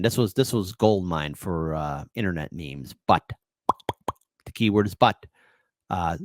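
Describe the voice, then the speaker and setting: A man hosting opinion commentary, animated and indignant, rambling with restarts. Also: sits low, no echo. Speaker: commentary host.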